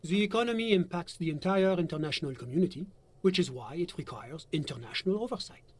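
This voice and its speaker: An actor voicing a polite, formal male bureaucrat commissioner in a video game, explaining things in a courteous, measured way. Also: fairly high pitch, expressive, breathy edge. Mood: measured, explanatory. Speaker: game character.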